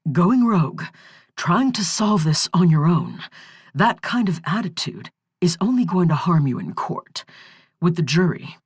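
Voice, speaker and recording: A woman reads a composed male defense lawyer in an audiobook. He speaks evenly and soothingly, measured and unhurried, in a dry and close voice. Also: very animated, husky, no echo, full character voice. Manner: measured, soothing, low-key.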